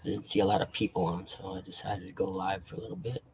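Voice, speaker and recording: A man's voice: low voice, little pitch movement, fast talker, vocal fry, background noise. A man hosting a casual live stream, greeting viewers and talking bluntly with plenty of swearing.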